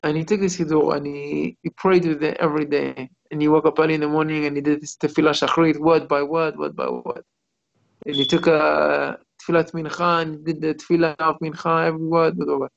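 A rabbi gives a class over a video call. His voice sits a little high and has a gravelly creak. The call audio is muffled, and he keeps stopping to hunt for English words as he tells his stories. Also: flat delivery. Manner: pauses to search for English words.

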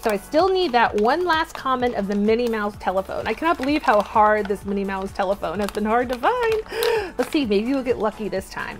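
Bubbly young woman hosting a toy unboxing vlog: high, very animated voice, gushes and squeals, soft music underneath. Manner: gushing, repeats exclamations, squeals with delight. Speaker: toy unboxing channel host.

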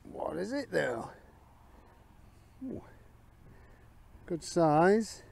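Chatty man, slightly high voice. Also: very animated, drawn-out words, creaky, a little mellow, slight background noise. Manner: chatty, talks to viewers, thinks aloud. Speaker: metal detecting vlogger. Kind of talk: casual commentary while detecting.

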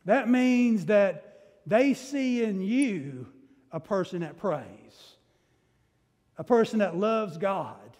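Male pastor, high-pitched, emphatic sermon delivery, long church reverb. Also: lively intonation, slow pace, a little mellow. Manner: emphatic preaching with rising bursts and rhetorical questions. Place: church sanctuary.

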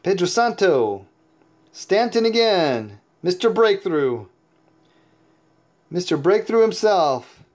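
High-voiced, tired man commentating a game. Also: slow, pauses often. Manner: chatty, excitable, laughs often. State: tired and sleepy. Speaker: mobile game player and YouTube host. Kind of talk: casual gameplay commentary.

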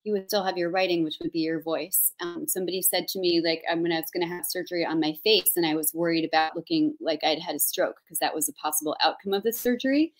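A woman's voice: fairly low pitch, fast, few pauses. A woman hosting an interview over a video call, playful, chatty and self-mocking. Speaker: host. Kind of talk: interview, casual chat.

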